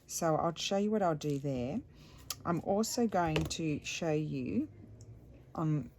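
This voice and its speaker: A woman's voice: low voice, darkish tone. A woman chatting casually while she stitches a craft piece for her vlog, rambling with many ums and restarts. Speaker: craft vlogger.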